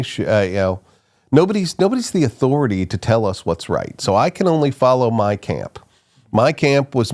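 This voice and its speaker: Low-ish voiced middle aged guy, archaeologist guest, chatty and laughing, restarts his sentences a lot. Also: a little mellow. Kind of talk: casual storytelling interview.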